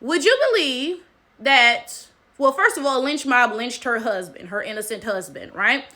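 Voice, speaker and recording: Bright high-voiced woman, emphatic commentary. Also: expressive, a little slow. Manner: emphatic, repeats "right?" as tag question. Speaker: commentary channel host. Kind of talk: casual commentary monologue.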